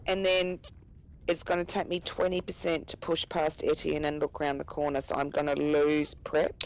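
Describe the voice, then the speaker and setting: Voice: medium pitch, little pitch movement, moderate pace, poor audio. A player at a tabletop game asking hesitant questions about the rules. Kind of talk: casual tabletop play.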